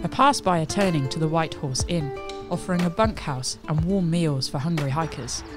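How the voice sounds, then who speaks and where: Woman, scripted narration, calm and measured, very low voice, loud music underneath.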